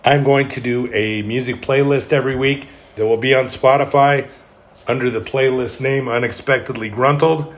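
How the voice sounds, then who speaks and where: A man's voice: medium pitch, fairly even intonation, normal speed. A middle-aged man hosting a solo podcast, talking candidly in a rambling way with self-deprecating humor. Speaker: podcast host.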